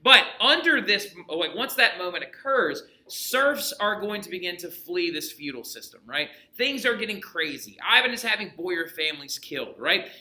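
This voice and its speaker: A man lecturing on history to his class, animated and chatty, often checking in with his students. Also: high-pitched, moderate pace, few pauses, echoey room. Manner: animated, chatty, many asides and rhetorical checks. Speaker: history teacher.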